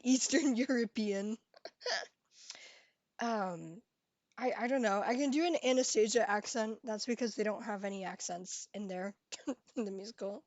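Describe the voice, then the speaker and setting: A woman's voice: fairly high pitch, no room sound. A young woman hosting a casual live stream, chatting with her viewers, reading their messages aloud and giggling often.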